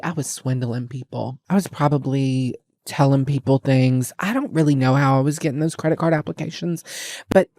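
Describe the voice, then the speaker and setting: A man's voice: fairly high pitch, dark tone, no room sound, clean studio sound. A young man, telling retail stories in a sassy, dramatic casual chat and acting out the dialogue. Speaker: podcast host.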